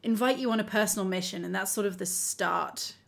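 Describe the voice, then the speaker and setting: A woman telling a story in casual chat as a podcast co-host, animated and laughing often. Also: medium pitch, fairly quick, creaky. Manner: animated, laughing often, acting out quoted lines.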